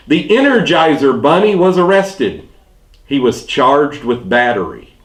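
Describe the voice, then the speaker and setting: A man, a pastor with a Southern US accent, telling clean jokes and puns and dropping each punchline low and quiet. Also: sing-song, measured pace. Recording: echoey room.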